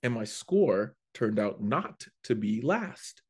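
Animated man telling a story. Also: lowish voice, slow, slightly rough. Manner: animated, repeats and restarts while telling. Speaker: comedian guest. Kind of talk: casual storytelling.

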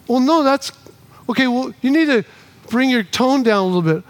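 A man preaching a sermon to a congregation, animated and repetitive, acting out both sides of his stories. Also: very high voice, fairly quick. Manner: animated, repeats phrases, acts out both sides of arguments. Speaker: pastor. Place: church in front of a congregation.

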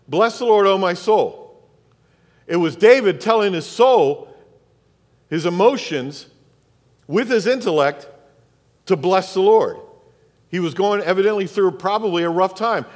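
High-voiced pastor in a reverberant hall. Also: male voice. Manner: conversational preaching with rhetorical questions. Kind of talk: sermon.

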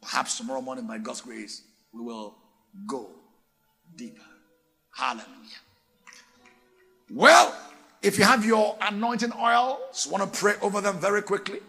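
A man preaching a sermon, animated and theatrical, acting out little voices. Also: high-pitched, measured pace, gravelly, pauses often. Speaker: pastor.

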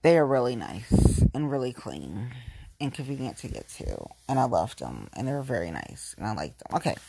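A tipsy woman in her late thirties chats into the camera, rambling from one thing to the next and repeating her favorite lines. Her voice sits low but swoops widely when she gushes. The delivery is loose and casual. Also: very animated, moderate pace, vocal fry, heavy background noise. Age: late 30s. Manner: rambling, repeats herself, gushing. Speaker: vlogger. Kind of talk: casual chat.

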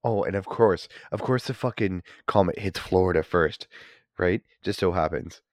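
A man's voice: low voice, moderate pace, no room sound. A man in casual chat, skeptical and sardonic, swearing freely.

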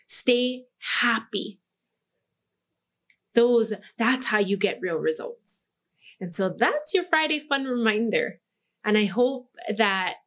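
A woman hosting her own podcast from Hawaii, with a fairly high, bright-sounding voice. She gives a casual motivational talk into a microphone. Her delivery is bubbly, full of laughs and "like" fillers. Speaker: podcast host.

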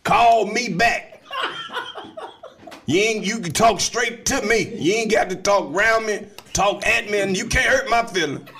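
A man doing a loud rambling old uncle. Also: sits high, background noise, pitched above the performer's own voice. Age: older. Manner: loud, laughing, rambling voicemail. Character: older male uncle, brash, rambling.

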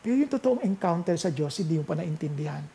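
A preacher with a Filipino accent at the pulpit, moving between Tagalog and English. The voice sits at a middle pitch, rising into loud exclamations and then dropping to a hushed, slow reading of scripture. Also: expressive, gravelly. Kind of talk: sermon mixing Tagalog and English.

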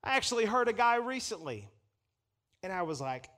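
A man preaching a sermon from the pulpit, animated and chuckling as he acts out the people he quotes. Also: high-pitched, moderate pace. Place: church pulpit.

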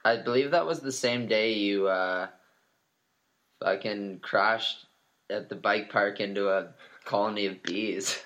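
A man's voice: lowish voice, unhurried, fairly bright tone, dull audio. Joking man. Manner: joking, chiming in with banter. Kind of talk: casual chat.

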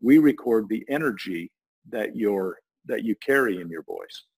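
Husky man explaining at length. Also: lowish voice, lively intonation, moderate pace, a little mellow, rough recording. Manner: rambling, restarts and stumbles often. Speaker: guest explaining a voice technology. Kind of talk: casual explanatory talk.

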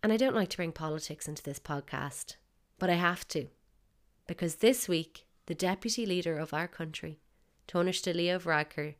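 A woman's voice: on the low side, moderate pace. Playful Irish woman hosting a podcast. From Ireland. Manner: wry, playful, mock-indignant. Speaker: podcast host. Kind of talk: scripted comedic podcast monologue. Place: bedroom at home.

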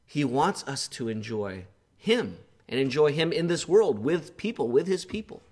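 A man's voice: on the high side, big pitch swings, normal speed, darkish tone. A male pastor preaching an earnest sermon, growing impassioned as he voices the psalmist's pleas.

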